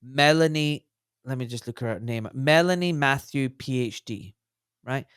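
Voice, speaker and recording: A man in his forties talks as a doctor on a casual podcast. He tells his stories bluntly and with energy, swearing without a second thought. His mid-pitched voice sits close and dry on the mic. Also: normal speed, smooth, no room sound. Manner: blunt, animated storyteller who swears freely.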